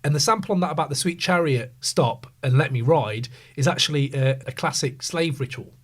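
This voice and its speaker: A man in a casual podcast debate, talking with animated emphasis and plenty of swearing. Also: fairly high pitch, brisk. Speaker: podcast panelist.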